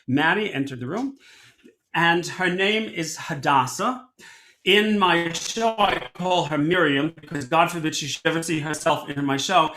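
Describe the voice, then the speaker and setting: A man teaching a storytelling workshop as a cantor, animated and conversational, often restarting his sentences. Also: on the high side, unhurried, a little hiss or hum. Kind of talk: workshop lesson. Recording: echoey room.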